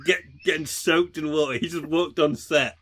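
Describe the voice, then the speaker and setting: A man co-hosting a comedy podcast, riffing fast, laughing and stammering as he slips into silly voices. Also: on the high side, steady tone, a bit bright. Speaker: podcast co-host. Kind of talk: casual comedic chat.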